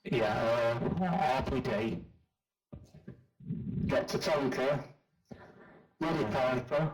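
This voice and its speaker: A man's voice: medium pitch, takes it slowly, reverberant, rough recording. A man guesting on a chat radio show over an online call, answering hesitantly with many fillers. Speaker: guest campaigner.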